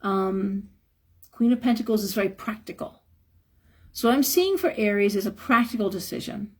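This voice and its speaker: A hoarse woman giving a frank, advice-giving live tarot reading and chuckling now and then. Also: mid-range voice, moderate pace, darkish tone. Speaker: tarot reader.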